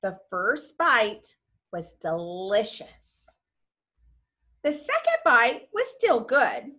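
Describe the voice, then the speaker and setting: A woman teacher reads a storybook aloud to her class and talks it over with them, asking questions as she goes. Her voice sits high and bright, and she takes her time, letting every line rise and fall dramatically. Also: drawn-out words. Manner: expressive, asks listeners questions. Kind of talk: reading a book aloud to students and discussing it.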